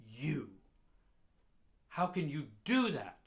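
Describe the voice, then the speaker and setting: A man's voice: sing-song, very slow, vocal fry, exaggerated voice. A man doing a shrieking, abusive mother. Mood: furious, berating. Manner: shrill, screaming insults and despair. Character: furious screaming middle-aged mother, abusive and cruel.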